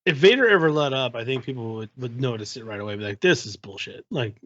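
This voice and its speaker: A man co-hosting a wrestling podcast in casual chat, excited and stammering as he chimes in. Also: medium pitch, fast talker, no room sound, lo-fi sound. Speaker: podcast co-host.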